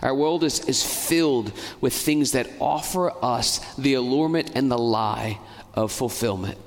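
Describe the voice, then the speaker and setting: Man, priest, earnest sermon, mid-pitched voice, long church reverb. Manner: earnest, pleading, speeds up and slows down.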